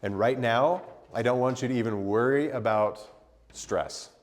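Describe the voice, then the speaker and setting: A man's voice: mid-range voice, unhurried, big-room sound. A man teaching a church music class, explaining at length with fillers and frequent "right?" and "okay?" checks. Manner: sings solfege syllables as demonstrations. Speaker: chant teacher. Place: church hall.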